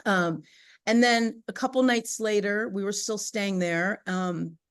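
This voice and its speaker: A woman as a podcast guest, telling a personal story in animated, chatty conversation with frequent fillers. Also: mid-range voice, a little slow, smooth. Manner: animated, chatty, laughs often, many "you know" and "right?" fillers.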